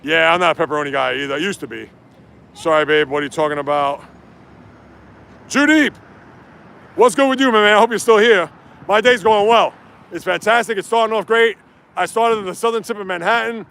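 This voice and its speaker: A man hosting a casual livestream outdoors on city streets, talking into his phone as he runs and answering viewers' comments one after another. His voice sits high for a man and has a gravelly, frying edge. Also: a little fast, long pauses, a bit bright. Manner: chatty, reads viewer comments aloud and reacts. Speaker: livestream host. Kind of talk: casual livestream chat while running. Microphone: handheld phone.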